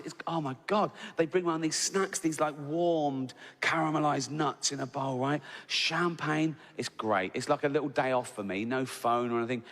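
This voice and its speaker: A man's voice: medium pitch, fairly bright tone, a little hiss or hum. A middle-aged man doing stand-up comedy, telling loose, profane, mocking stories and tagging lines with "right?". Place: large theatre stage. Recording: big hall reverb, faint crowd ambience.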